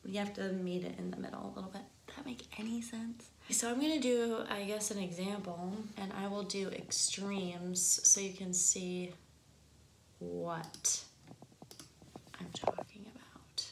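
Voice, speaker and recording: A woman voice teacher giving a casual singing lesson, chatty and explaining with quick examples. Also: medium pitch, steady tone, vocal fry, roomy sound, slight background noise.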